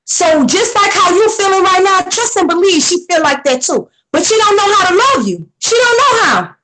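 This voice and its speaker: Motherly woman guest, high voice, soothing and reassuring. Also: sing-song, moderate pace, pushed and bright, rough recording. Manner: soothing and motherly, calls her "baby". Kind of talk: supportive personal conversation.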